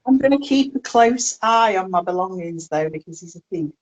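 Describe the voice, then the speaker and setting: A woman's voice: medium pitch, animated, moderate pace, muffled recording. A woman playing a tabletop role-playing game, answering in a cautious, matter-of-fact way. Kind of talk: casual in-character play.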